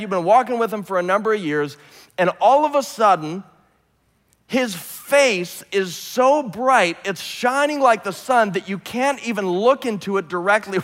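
Man, preacher, humorous animated storytelling, high voice, reverberant hall. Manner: animated storytelling, imagines scenes aloud with humor. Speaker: pastor. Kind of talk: sermon.

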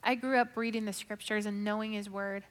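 A woman giving an emotive personal faith testimony, moving between hushed, whispered moments and loud, excited storytelling. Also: mid-range voice, fairly quick, big-room sound.

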